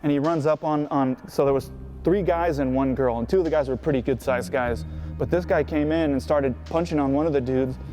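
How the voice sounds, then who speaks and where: A man's voice: a little high, fairly quick, warm tone, faint music behind. A man recounting his past in an interview, talking casually and profanely, with "right?" and "you know" all through. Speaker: skateboarder.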